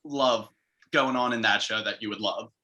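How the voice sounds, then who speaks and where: A man co-hosting a casual TV recap podcast, animated and emphatic. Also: on the low side, normal speed. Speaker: podcast co-host. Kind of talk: casual chat.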